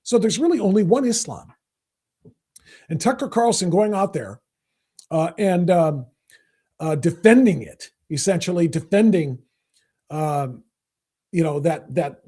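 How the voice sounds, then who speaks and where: A man hosting a political talk show, his voice pitched unusually high with a husky edge. He delivers an emphatic monologue, repeating phrases and building to loud, forceful bursts. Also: lively intonation, moderate pace, pauses often. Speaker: podcast host.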